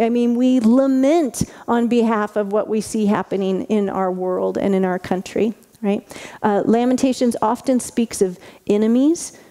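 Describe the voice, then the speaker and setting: A woman's voice: on the high side, dark tone. A woman pastor giving a conversational sermon, chatty and full of asides and restarts. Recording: long reverb of a large hall.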